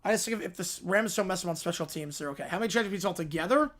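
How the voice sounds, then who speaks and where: A live stream host chatting in a reaction stream, quickly reading out viewer questions and answering them. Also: mid-range voice, a bit bright. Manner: rapid, reads out viewer questions.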